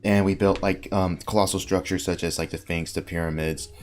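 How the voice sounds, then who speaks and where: A man's voice: low-pitched, steady tone, brisk, soft background music. A man hosting a casual podcast chat, rambling with lots of fillers and restarts. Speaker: podcast host.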